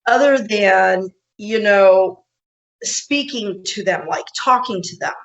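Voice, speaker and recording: Woman host telling animated stories. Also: medium pitch, takes it slowly, muffled recording. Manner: animated storyteller, laughs often, acts out quotes. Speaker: podcast host. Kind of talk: casual interview storytelling.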